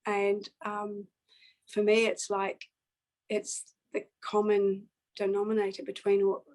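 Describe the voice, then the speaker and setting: Woman guest, storyteller, even level delivery, earnest and reflective with pauses. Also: medium pitch, low-quality recording. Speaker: singer-songwriter guest. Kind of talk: personal storytelling in a conversation.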